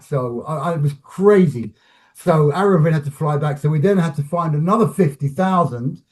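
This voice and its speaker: Man with a high voice telling lively anecdotes. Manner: lively, restarts phrases, acts out scenes. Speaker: film director and actor, interview guest. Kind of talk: animated anecdotal storytelling.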